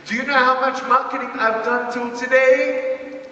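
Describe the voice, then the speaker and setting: A man's voice: very high-pitched, level tone, normal speed, sharp tone. A man giving a motivational talk to a large young audience, telling his story with animation and acting out every part. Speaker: motivational speaker. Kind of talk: motivational talk with acted-out stories. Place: large event hall before a young audience. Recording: echoey hall, distant mic, dull sound.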